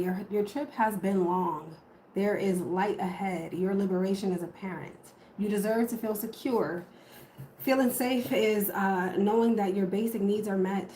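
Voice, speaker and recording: A woman's voice: medium pitch, a little mellow, echoey room, a little hiss or hum, poor audio. A woman giving a casual tarot reading to camera, swearing freely and correcting herself as she goes. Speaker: tarot reader.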